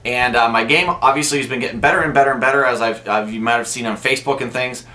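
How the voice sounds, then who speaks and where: A man with a voice of middle pitch works as a golf instructor and talks casually to his viewers. He chats his way through personal stories and often breaks off and restarts his sentences. He sounds like he is talking directly to the camera. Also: fast talker, pushed and bright. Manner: chatty storytelling, frequent restarts.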